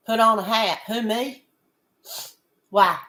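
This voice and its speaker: Congested woman, unhurried. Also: on the high side, pushed and bright, echoey room. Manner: greets chatters by name, chuckles often. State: congested with a head cold. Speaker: livestream host. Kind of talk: casual livestream chat.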